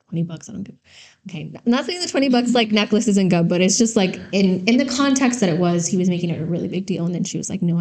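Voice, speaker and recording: Animated storytelling woman, mellow tone. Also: mid-range voice. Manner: animated storyteller, uses "y'all" and "like". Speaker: podcast co-host and trainer. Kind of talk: casual storytelling chat.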